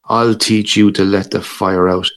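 A surly, bullying father snaps orders at his son, as a male reader plays him. The voice is deep and low, harsh and domineering. He speaks in a slow, heavy way. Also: level tone. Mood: furious. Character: bullying, bad-tempered drunken father.

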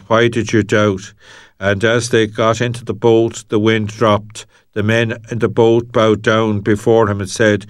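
Flat-voiced man reading liturgy. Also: on the low side, smooth, no room sound, clean studio sound. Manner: measured, even reading voice. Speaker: priest.

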